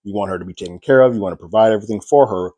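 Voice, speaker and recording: Male TV reviewer, lower voice, casual and animated, dry close recording. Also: racing, no room sound. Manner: chatty and animated, laughing at the story. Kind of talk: casual spoken episode review.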